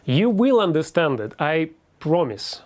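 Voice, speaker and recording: A man's voice: on the high side, big pitch swings, unhurried, a little mellow. A man who is a native Russian speaker, reading a passage in English with a Russian accent and articulating each word very carefully. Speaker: university lecturer.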